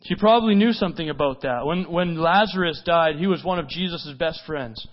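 High-pitched guy preaching, goes loud and urgent then drops real quiet, lots of rhetorical questions, muffled lo-fi audio. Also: fairly quick. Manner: swings between loud urgent stretches and hushed quiet ones; asks repeated rhetorical questions. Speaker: pastor. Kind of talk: sermon.

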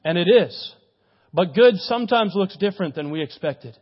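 High-voiced, conversational male preacher. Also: moderate pace. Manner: conversational, animated preaching with asides. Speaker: pastor. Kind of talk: sermon. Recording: dull lo-fi recording.

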